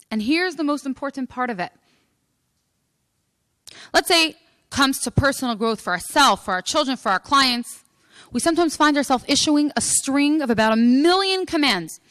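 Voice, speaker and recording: Bright, high-voiced woman lecturing. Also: no room sound, clean studio sound. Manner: animated, emphatic storyteller. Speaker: life coach and speaker. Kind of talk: motivational lecture.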